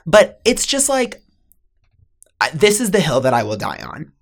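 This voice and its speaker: A woman's voice: low-pitched, huge pitch swings, measured pace. A young woman co-hosting a podcast, chatting casually with lots of laughs and fillers. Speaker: podcast co-host. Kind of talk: casual chat.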